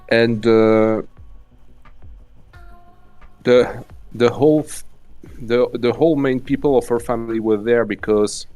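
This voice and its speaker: A man's voice: on the low side, a little mellow. A man with a French accent, chatting casually as a guest, often restarting and searching for English words. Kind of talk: casual chat.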